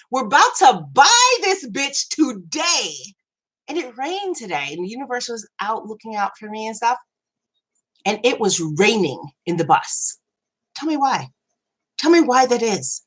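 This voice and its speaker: A middle-aged woman hosting a loose live chat. Her voice is high and bright, and it swoops all over as she laughs and vents. She talks in an animated way and swears freely. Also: measured pace, breathy edge. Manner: animated, laughing, ranting with profanity. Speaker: host.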